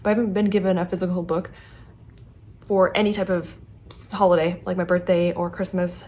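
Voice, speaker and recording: A young adult woman chatting casually to camera as a book vlogger, talking fast and chattily with many fillers and restarts. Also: fairly low pitch, level tone, dark tone.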